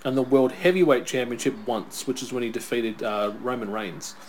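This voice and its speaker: A man's voice: medium pitch, moderate pace. A man co-hosting a casual wrestling watch-along, chatting and reading out wrestler facts. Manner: chatty, reads out wrestler facts, tells stories. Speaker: podcast co-host.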